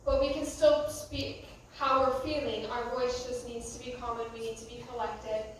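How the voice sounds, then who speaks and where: A woman's voice: a little high, steady tone, moderate pace, slight background noise. A young American woman, a youth pastor, giving a casual, conversational talk with many fillers. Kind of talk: youth sermon. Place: church youth room. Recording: echoey room, from a distance.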